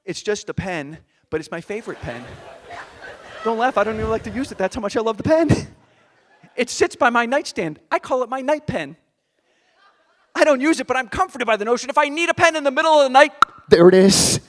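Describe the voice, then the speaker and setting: Male stand-up, middle-aged, high bright voice, live on a stage mic with faint hiss in the room. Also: fairly quick. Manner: animated, acts out exasperated voices. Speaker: stand-up comedian. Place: theater stage before a live audience. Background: audience laughter.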